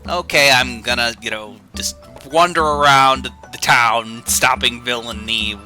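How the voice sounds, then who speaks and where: A man's voice: medium pitch, unhurried, pushed and bright, faint music behind. A man streaming a casual read-through of old comics, with sarcastic, joking asides and swearing.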